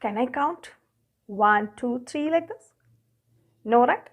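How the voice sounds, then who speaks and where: Teaching grammar to a class, a woman with an Indian English accent counts items aloud while asking and answering her own questions. She speaks slowly in a fairly high voice with lively intonation, and the recording's highs are cut off.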